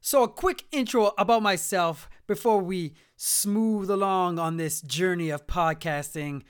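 A man's voice: high-pitched, unhurried, smooth. A man hosting his own podcast alone at a mic, chatting in a rambling, self-mocking way full of jokey asides. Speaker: podcast host. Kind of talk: solo podcast chat. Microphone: studio mic.

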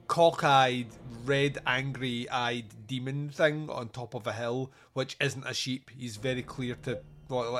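A man hosts a casual movie podcast, talking in a loose, rambling way. He is dry and sarcastic and laughs often, with a voice sitting at an ordinary middle pitch. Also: a bit bright. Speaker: podcast host. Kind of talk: casual movie review chat.

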